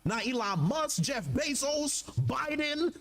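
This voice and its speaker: Animated, high-voiced young man streaming. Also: slow. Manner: animated, joking, slangy, reads the text aloud in bursts. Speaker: streamer reacting to a manga chapter. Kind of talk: casual live-stream commentary.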